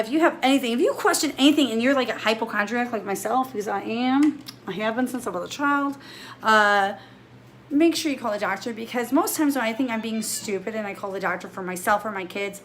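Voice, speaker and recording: A woman in her late thirties vlogs from home in a chatty, anxious, rambling way. Her voice sits a little high, and a faint hiss runs under the recording. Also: fairly bright tone. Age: 30s. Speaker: vlogger. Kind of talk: casual vlog rant. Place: home with family nearby.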